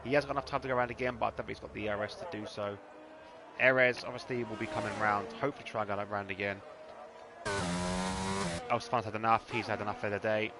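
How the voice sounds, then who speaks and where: A man commentating on a sim racing league as play-by-play host, excitable and quick to jump up at the action. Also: over music. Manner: excitable, rising pitch at on-track action. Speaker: race commentator. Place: home desk with two screens. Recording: loud racing game engine noise behind.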